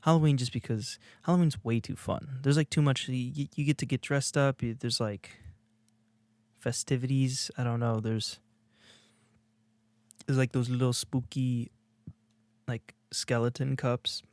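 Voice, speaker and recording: A man's voice: medium pitch, steady tone, unhurried, pauses often, darkish tone, dry recording. A man co-hosting a casual podcast, rambling through his thoughts with lots of fillers and restarts. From Illinois, USA. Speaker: podcast co-host. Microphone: video podcast studio mic.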